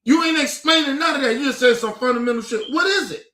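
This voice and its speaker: A man ranting profanely and with exasperation in casual political commentary, now and then breaking into shouts. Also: very high voice, quick pace, echoey room.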